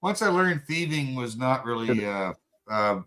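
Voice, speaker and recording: A man hosting a late-night casual chat, rambling and swearing freely, with an animated, profane delivery. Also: mid-range voice, measured pace, a crowd in the background, poor audio. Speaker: podcast host.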